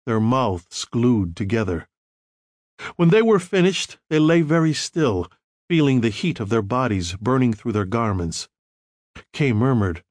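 A man narrating a novel as an audiobook, in measured, expressive storytelling. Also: mid-range voice, no echo, clean studio sound. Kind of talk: scripted narration.

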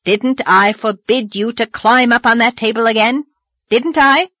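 A woman reading aloud, voicing a stern older woman scolding a child, firm and sharp. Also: on the high side, a little slow, no room sound, voice pushed up.

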